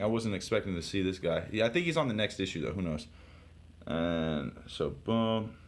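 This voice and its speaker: A young man with a deep voice reviews comics, casually paging through one while talking in an excitable, profane, rambling way. He shouts out sound effects as he goes.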